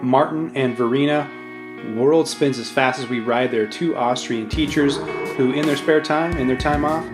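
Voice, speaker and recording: A man's voice: medium pitch, moderate pace, over music. Upbeat male podcast host doing plugs. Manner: upbeat, promotional, direct to listeners. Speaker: podcast host, motorcycle tour operator. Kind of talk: podcast outro and sponsor read.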